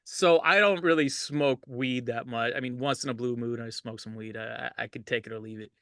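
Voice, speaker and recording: A man's voice: mid-range voice, fairly even intonation, a little fast, pushed and bright, clean tone, dry recording, studio quality. A middle-aged man, a DJ, telling stories in a casual interview, laid-back and laughing often, livening up when he quotes people. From Los Angeles. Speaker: DJ, interview guest.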